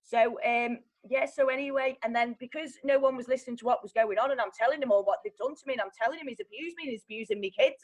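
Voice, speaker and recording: A woman's voice: on the high side, poor audio. Blunt, swearing young woman. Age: young adult. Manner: blunt, swears often, animated. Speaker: guest. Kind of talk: candid personal storytelling.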